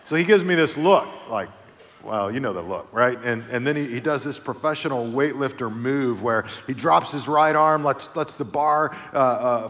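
A man preaching a sermon, telling a funny personal story with lively build-ups before easing into a quieter reflective close. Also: mid-range voice. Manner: lively storyteller, builds to excited comic peaks then softens. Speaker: pastor. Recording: reverberant hall.

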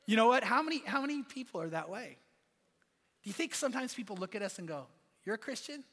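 A man's voice: sits high, lively intonation, quick pace, fairly bright tone. A man preaching a sermon, telling stories and quoting dialogue with emphatic repetitions. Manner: storytelling with quoted voices, emphatic repetitions. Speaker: pastor. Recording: long hall reverb.

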